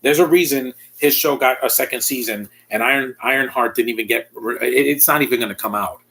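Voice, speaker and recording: A man's voice: mid-range voice, fairly quick, gravelly, bright, forceful tone, slightly rough. A man giving a casual spoken review as a YouTube channel host. He talks bluntly, rambles and often restarts his sentences.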